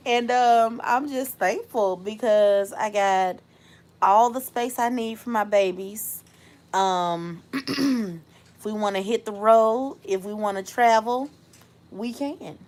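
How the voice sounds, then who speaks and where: A young adult woman hosting a casual livestream, reflective and unhurried, thanking viewers by name and laughing often. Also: fairly high pitch. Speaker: host.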